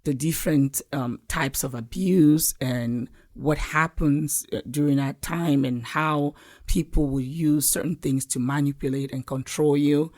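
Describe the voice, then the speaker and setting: A woman's voice: sits low, fairly even intonation, measured pace, a little mellow. A woman from Cameroon with a Cameroonian accent, talking earnestly as a podcast guest in a casual interview.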